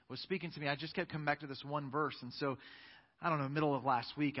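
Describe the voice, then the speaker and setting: A man preaching a sermon as pastor in a church sanctuary, earnest and emphatic, building his points up with force. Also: medium pitch. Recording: dull sound with long church-hall reverb.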